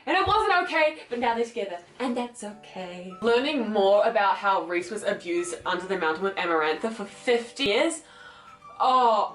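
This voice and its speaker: A young woman vlogger giving a casual, animated and profane book review, rambling with lots of fillers. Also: mid-range voice. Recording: echoey room, somewhat far from mic, faint music.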